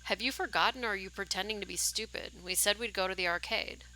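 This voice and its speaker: A woman's voice: mid-range voice, quick pace, bright, forceful tone, natural voice, low-quality recording. A woman voicing a pushy, teasing teenage boy friend, reading game dialogue aloud on a stream.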